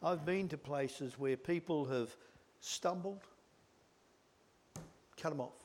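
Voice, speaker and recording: A middle-aged male preacher giving a sermon, swinging from loud emphatic lines to hushed whispered words. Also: on the high side, slow pace.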